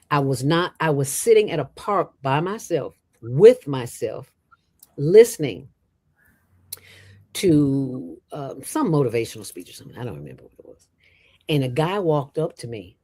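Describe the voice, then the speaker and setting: Low, punchy woman telling street stories as a guest. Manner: emphatic, streetwise, animated. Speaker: nonprofit founder, guest. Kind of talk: animated storytelling interview.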